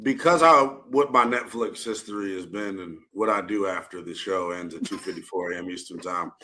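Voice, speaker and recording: A man's voice: low voice, fairly quick, pushed and bright, a little hiss or hum. A man co-hosting a casual sports radio show, teasing his partner with exaggerated outbursts. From United States. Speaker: co-host.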